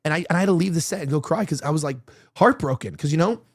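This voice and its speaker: A man with a fairly high voice races through his casual opinion show as host. He rambles emotionally, restarts often, and cracks provocative jokes.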